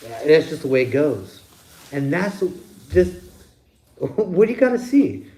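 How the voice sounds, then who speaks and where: On his own channel, a man launches into a profane, blunt rant full of emphasis. His voice is a little high and darkish, with big pitch swings and a measured pace, over slight background noise.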